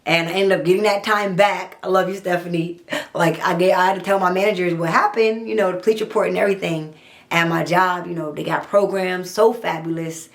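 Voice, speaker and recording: A young adult woman, telling her own story in a blunt, profane, animated storytime monologue. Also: lowish voice, a little fast. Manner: blunt, profane, animated retelling with quoted dialogue.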